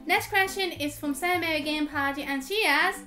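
Over faint background music, a woman with a high, sharp voice talks at normal speed. She's a gaming YouTuber running a chatty Q&A vlog, laughing frequently and leaning on ums as she goes through viewer questions.

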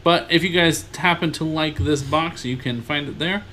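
A man co-hosting a casual podcast, talking in quick, lively, rambling bursts. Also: a little high, a little hiss or hum. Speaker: podcast co-host.

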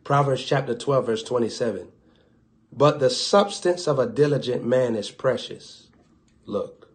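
A man with a Southern US accent preaching a sermon, swinging between loud exhortation and hushed low asides and acting out little dialogues. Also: measured pace.

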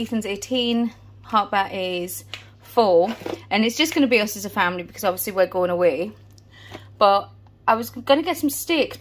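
A British family vlogger in her thirties chats casually and out of breath through a family shopping haul. Her voice is mid-range, with a little hiss or hum in the recording.

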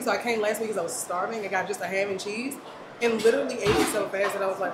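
A woman from Washington, D.C., telling eagerly about sandwiches she has eaten, answering questions in a sandwich shop. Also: medium pitch. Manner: enthusiastic, rapid storytelling. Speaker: customer. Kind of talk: casual interview answers. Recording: echoey shop, loud noise.

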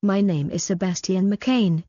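A woman voicing a soft-mannered, polite young male butler in an audiobook, with formal, courteous speech. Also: medium pitch, unhurried, husky, no echo, highs cut off.

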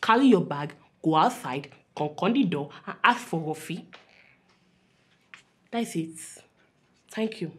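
A blunt Nigerian village tailor. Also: female voice, low voice, expressive, a little slow, pauses often. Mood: teasing. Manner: broken English, scolding and teasing. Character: rustic young woman tailor, blunt and comic.

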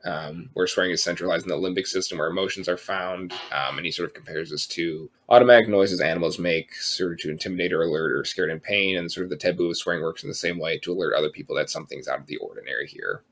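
A man co-hosting a podcast, talking in a relaxed, rambling way, full of fillers and casual swearing. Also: sits low, fast talker, few pauses. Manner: relaxed, rambling, lots of um and sort of, swears freely. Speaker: podcast co-host.

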